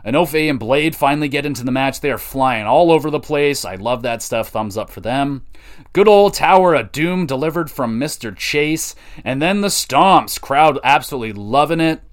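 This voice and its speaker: A man's voice: mid-range voice, animated, normal speed. A man hosting a solo podcast, casually reviewing a wrestling show in a loose, rambling way with frequent fillers and casual swearing.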